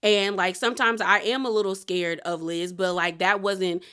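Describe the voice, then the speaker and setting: A woman's voice: mid-range voice, moderate pace, smooth. Woman recapping a reality show. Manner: animated retelling, quoting cast members, laughs often. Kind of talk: casual recap commentary.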